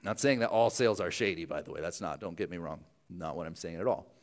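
A man's voice: low-pitched, quick pace. Casting: young adult man, pastor, easygoing sermon delivery with plenty of asides. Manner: conversational, self-deprecating, many asides.

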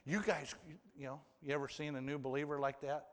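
A male pastor delivers a sermon, chatting with his listeners and asking them questions. His voice sits a bit high. The hall around him adds a long, trailing reverb. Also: level tone, fairly quick, hardly any pauses. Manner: conversational, asks the congregation questions, acts out quotes. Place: church hall with an audience.

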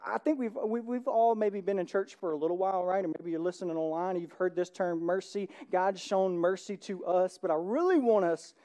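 A preacher delivering a sermon with a relaxed, mellow voice. The talk stays conversational and keeps checking in with the listeners. The energy builds into open excitement. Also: mid-range voice, fairly quick, hardly any pauses. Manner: conversational, often checks in with the congregation; grows animated and excited. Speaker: pastor.

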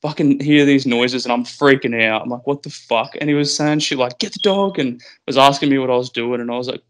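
Brief: young Aussie fishing guide, casual podcast guest, loose and swears a lot, mid-pitched male voice. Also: steady tone, a little fast. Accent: Australian. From Queensland, Australia. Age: young adult. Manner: laid-back, swears often, laughs easily. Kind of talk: casual chat. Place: at home.

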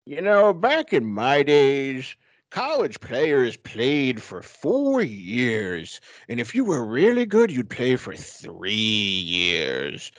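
A man putting on a grumpy old man's voice to reminisce in a slow, drawn-out way. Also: medium pitch, huge pitch swings, dry recording. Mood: nostalgic.

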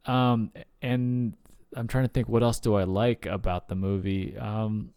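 A man co-hosting a podcast, thinking aloud about films in a halting, casual way with many restarts. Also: lowish voice, flat delivery, darkish tone, clear, resonant tone, no echo, studio quality. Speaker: podcast co-host. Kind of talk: casual film discussion.

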